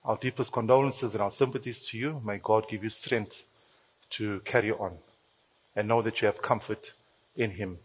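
A man preaches in a church hall, his voice a little husky as it rings out with a long reverb. He talks in a lively, joking way and throws in playful asides. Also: lowish voice, normal speed. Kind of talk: sermon with church announcements.

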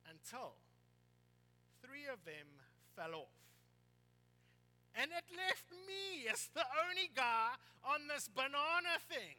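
A South African pastor giving an animated sermon, telling a story with lively energy. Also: male voice, extremely high pitch, takes it slowly, long reverb tail.

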